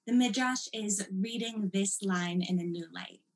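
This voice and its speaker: A woman teaching a text study lesson in an animated, explanatory way, stressing key points. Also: medium pitch, unhurried, low-quality recording.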